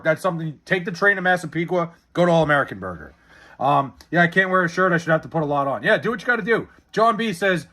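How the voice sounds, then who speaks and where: A man's voice: a little high, fairly bright tone. A young man from Long Island, casually chatting with viewers on a livestream and swearing freely as he rambles through their comments. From Long Island, New York. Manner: profane, rambling, jokey. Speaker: livestream host reading chat. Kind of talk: casual live-stream chat.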